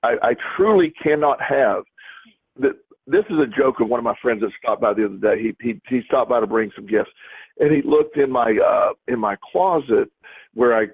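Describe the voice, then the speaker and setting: A man's voice: mid-range voice, expressive, moderate pace, slightly rough, no room sound. A middle-aged man co-hosting a podcast in casual chat, rambling with many restarts and repeated words, heard over a tinny phone-like line. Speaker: podcast co-host.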